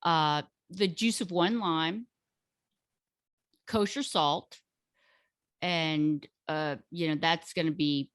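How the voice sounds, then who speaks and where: A woman in casual chat, explaining a home recipe step by step in an unhurried, hesitant way with many fillers. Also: deep voice, steady tone, dry recording, clean studio sound. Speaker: guest cook sharing a recipe.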